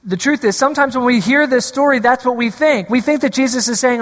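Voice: sits high, lively intonation, fairly quick, few pauses, in a large hall. A preacher delivering a sermon, repeating key lines for emphasis and drawing the congregation in.

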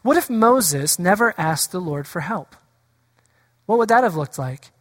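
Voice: mid-range voice, lively intonation, a little slow. Pastor, mid-range voice, preaches with rhetorical questions, long hall reverb. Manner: asks the congregation rhetorical questions; acts out quoted voices of scripture. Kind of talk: sermon. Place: church sanctuary.

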